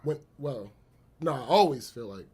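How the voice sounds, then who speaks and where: A man co-hosting a casual live chat show, animated and laughing often, with a slightly husky voice. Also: mid-range voice, moderate pace, a crowd in the background. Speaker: podcast co-host.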